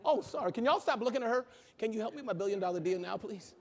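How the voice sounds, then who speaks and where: A man giving an energetic conference keynote, joking and bantering with the audience from the stage. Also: sits high, fast. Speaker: keynote speaker. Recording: echoey hall reverb.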